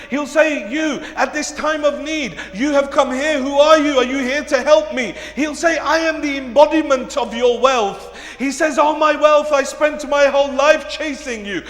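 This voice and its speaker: Man, sermon, very high voice, dramatic storytelling, booming reverb of a big hall. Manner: dramatic storytelling with rising shouted peaks. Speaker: preacher. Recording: echoey hall, long reverb.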